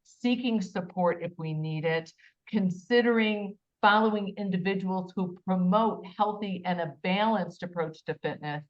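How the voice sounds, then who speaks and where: A woman's voice: mid-range voice, unhurried. A woman hosting a casual panel discussion over a video call. She talks with enthusiasm and chats freely. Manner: enthusiastic, chatty, spells words out. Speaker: talk show host. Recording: slightly muffled lo-fi audio.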